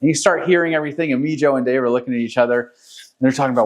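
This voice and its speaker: A man's voice: medium pitch, fairly even intonation, rapid-fire. A man from New York City, co-hosting a podcast, telling a long rambling story full of ums and self-corrections. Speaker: podcast co-host, real estate agent. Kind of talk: casual storytelling chat.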